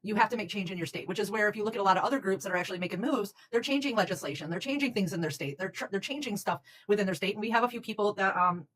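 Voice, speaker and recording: A woman's voice: mid-range voice, rapid-fire, hardly any pauses, a bit bright, rough recording. A woman co-hosting a casual talk show, frank and chatty, calling people dude. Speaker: podcast co-host. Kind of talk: casual chat.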